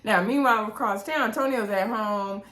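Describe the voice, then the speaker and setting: A woman vlogger walks her viewers through a reality show episode in a chatty, animated way. Her voice sits at a medium pitch. The recording has a noticeable roomy echo. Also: normal speed. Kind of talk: casual recap chat.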